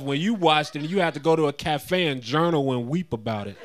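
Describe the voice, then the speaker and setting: A man in his thirties doing a stand-up routine on stage, mostly deadpan, working up into indignant rants. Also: on the high side, a little fast, a little hiss or hum. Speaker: stand-up comedian. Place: live comedy venue with an audience.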